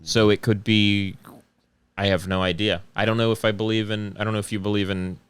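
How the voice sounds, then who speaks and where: Smooth-voiced young man telling a story. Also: on the low side, brisk. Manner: animated storyteller who laughs often and acts out quotes. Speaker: comedian guest. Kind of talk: casual podcast storytelling.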